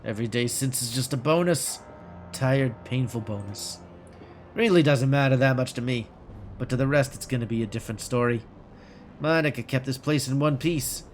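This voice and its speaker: A man's voice: mid-range voice, normal speed, soft background music, close to an everyday voice. A man reading a weary man who once died. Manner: tired and resigned.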